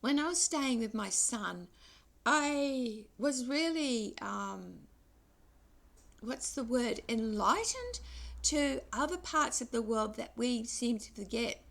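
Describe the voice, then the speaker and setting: Older lady in her 60s, high voice, talks slow and thoughtful, rambles a bit, vlog style. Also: lively intonation, creaky, a bit bright. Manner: reflective, wandering speech with pauses and restarts. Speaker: vlogger. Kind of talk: reflective personal vlog.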